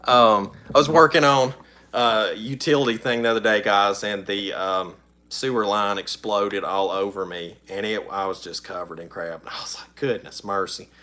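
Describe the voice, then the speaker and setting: A middle-aged man with a drawl talks loosely and casually to his viewers. His voice is bright and a little forceful, and he rambles with folksy asides and chuckles. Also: on the low side, fairly even intonation, normal speed. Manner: rambling, folksy, laughs often. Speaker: channel host. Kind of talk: casual live-stream chat.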